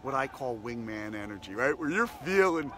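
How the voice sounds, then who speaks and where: A man's voice: medium pitch, expressive, moderate pace, noisy background. A man hosting a daily positivity practice, giving an upbeat, repetitive motivational talk that keeps circling back to short slogans. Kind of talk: motivational self-help talk.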